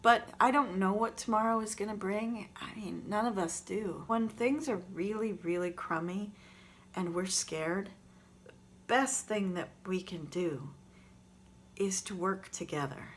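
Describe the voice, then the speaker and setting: A woman's voice: mid-range voice, measured pace, slight background noise. A woman talking earnestly and reflectively straight to her viewers in a gratitude vlog, recorded on her phone camera. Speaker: vlogger.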